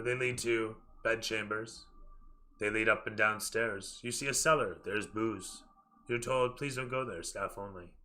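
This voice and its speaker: A man's voice: mid-range voice, sharp tone. A man narrating a tabletop role-playing game as dungeon master, describing scenes cinematically to his players.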